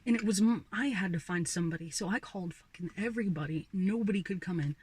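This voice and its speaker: A woman's voice: on the low side, fast talker, hardly any pauses, a little mellow, slight background noise. A young woman vlogger ranting casually about her old job, swearing freely and sighing often. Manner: profane, ranting, sighs often. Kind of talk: casual rant.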